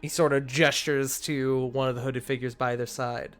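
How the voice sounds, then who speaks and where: Male game master, mid-pitched, narrating fantasy scenes over faint music. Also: flat delivery, normal speed. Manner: descriptive storytelling with frequent restarts.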